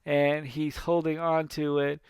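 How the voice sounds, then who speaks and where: A man's voice: a little high, flat delivery, measured pace, darkish tone, smooth, no echo, studio quality. A man in his thirties hosting a podcast, retelling a cartoon in a casual, rambling way that keeps correcting itself. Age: 30s. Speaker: podcast host.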